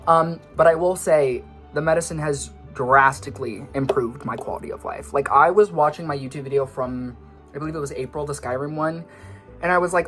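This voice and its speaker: A man's voice: fairly high pitch, a little fast, a bit bright. Young male vlogger, slightly breathless, scattered and self-mocking, chatty tangents over faint background music. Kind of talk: casual rambling monologue.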